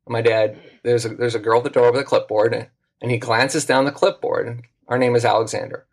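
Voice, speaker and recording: A middle-aged man tells a story as a guest on a podcast, in an easy conversational way. He gets animated and acts out the voices of the people in his tale, and his voice sits at a medium pitch. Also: fairly quick. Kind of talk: casual storytelling.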